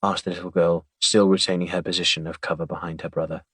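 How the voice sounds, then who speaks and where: Male audiobook narrator, low, wry, dry studio sound. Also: lively intonation, creaky, a bit bright, slightly rough, no room sound. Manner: measured, wry storytelling.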